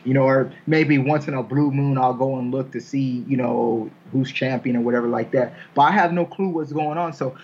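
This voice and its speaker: A man's voice: mid-range voice, steady tone, normal speed, hardly any pauses, a little mellow. A man rambling in casual talk, circling his point with plenty of asides. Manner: rambling, lots of fillers and restarts. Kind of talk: casual wrestling chat. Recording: husky, dull lo-fi sound.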